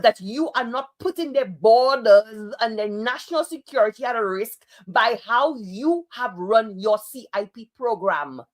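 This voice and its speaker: A Saint Lucian woman delivering political commentary online, scolding and sarcastic. Her voice sits a little high and swings widely in pitch as she presses each point.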